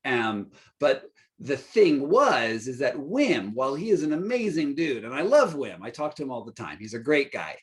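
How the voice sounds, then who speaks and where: A man's voice: mid-range voice, very animated, normal speed. A man telling a story as a podcast guest, casual and profane, with laughing asides. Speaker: guest author.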